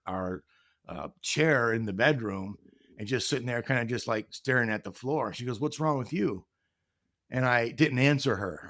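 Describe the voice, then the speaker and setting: A man's voice: medium pitch, fairly bright tone. A middle-aged man speaks as a podcast guest, telling a personal story in an earnest, reflective way. He acts out the other people's lines as he goes. His voice sits in an ordinary mid range and sounds dry and close, with no room echo.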